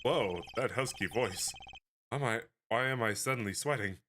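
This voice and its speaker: A man's voice: medium pitch, normal speed, noisy background, close to an everyday voice. A man voicing a nervous young male defense attorney in a jittery, hesitant way, close to his own voice.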